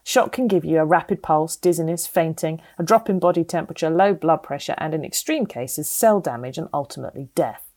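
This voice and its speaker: A middle-aged woman with a British accent reads her own opinion column aloud. Her voice sits a little low, and her delivery is wry, sardonic and firmly opinionated. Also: expressive, brisk, a little mellow. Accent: British English. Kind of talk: scripted reading of an opinion column.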